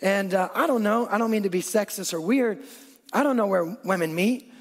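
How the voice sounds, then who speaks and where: A man's voice: high voice, normal speed, big-room sound. A man preaching a conversational sermon, acting out what people in the story say. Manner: conversational, animated, acts out quotes. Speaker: pastor.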